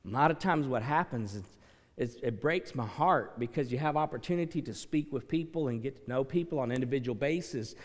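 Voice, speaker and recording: A man's voice: mid-range voice, a little fast. Fervent preacher man in a reverberant hall. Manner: swings between hushed pleading and loud urgent preaching; clears throat now and then. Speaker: pastor. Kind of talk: sermon.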